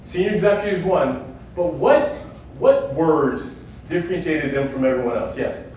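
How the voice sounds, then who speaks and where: A man's voice: a little high, lively intonation, normal speed, darkish tone, slight background noise. Emphatic man lecturing in an echoey hall. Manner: emphatic, keeps checking in with "right?". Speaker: workshop speaker on workplace security. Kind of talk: live lecture with audience questions. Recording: echoey hall, mic far off.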